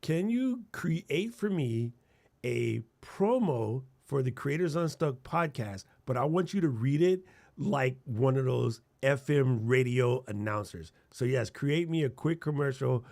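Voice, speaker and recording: A middle-aged man co-hosting a podcast in casual chat, animated and playful, full of slang and mouth-made sound effects. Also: medium pitch, unhurried, creaky, dry recording. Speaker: podcast co-host.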